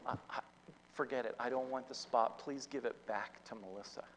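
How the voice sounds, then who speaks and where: A man's voice: mid-range voice, fairly even intonation, moderate pace, slight background noise, rough recording. A man preaching a sermon as pastor, telling a story with many fillers and restarts, his volume rising and falling. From United States.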